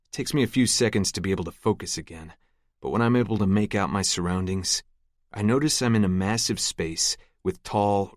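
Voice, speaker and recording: A man narrating a first-person audiobook in a sardonic, deadpan way, close to the mic. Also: low-pitched, no room sound.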